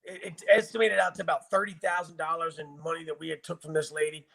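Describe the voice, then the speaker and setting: A man's voice: on the high side, fairly even intonation, fast, vocal fry, fairly bright tone. A man from Virginia bluntly recounting hard times in a casual, profane, emotional interview. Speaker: guest telling his life story.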